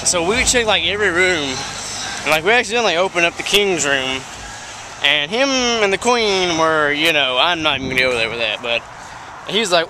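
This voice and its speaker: A man improvises a rambling story, looping through fillers and repeats with a high, bouncy voice. He is recorded outdoors with clear traffic noise behind him. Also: lively intonation, normal speed.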